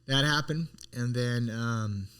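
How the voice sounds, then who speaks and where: A man co-hosting a podcast, chatting casually. He tells a story earnestly and rambles, often breaking off and starting his sentences again. His voice sits at a middling pitch. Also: slow pace, a bit bright, smooth. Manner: earnest, rambling retelling with frequent restarts. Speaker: podcast co-host.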